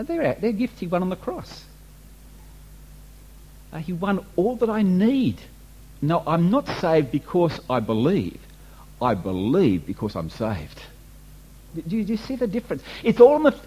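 A man delivers a sermon in a lively, animated voice that rises and falls widely. His tone is a bit husky and his pitch sits fairly high for a man. He presses his points with repetition and rhetorical questions. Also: a little slow, pauses often, poor audio. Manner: emphatic, repeats and restates points, rhetorical questions. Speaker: preacher.

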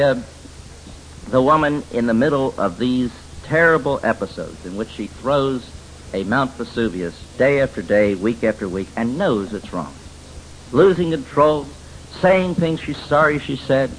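A man's voice: mid-range voice, fairly bright tone, slight background noise, low-quality recording. A man teaching about biblical counseling in an emphatic, folksy way, with many fillers and stories. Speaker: Christian counselor lecturing. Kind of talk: teaching lecture.

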